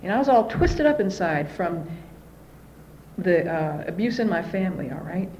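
A woman telling her own story at a recovery meeting, candid and animated. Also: lowish voice, moderate pace, highs cut off, slight background noise. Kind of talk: personal recovery testimony.

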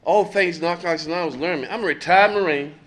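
A middle-aged man speaks at a recovery meeting with a bright, forceful edge to a slightly high voice. He is blunt and profane, swinging between confession and crowd-pleasing jokes, often laughing as he talks. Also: fast. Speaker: recovering addict sharing at a meeting.

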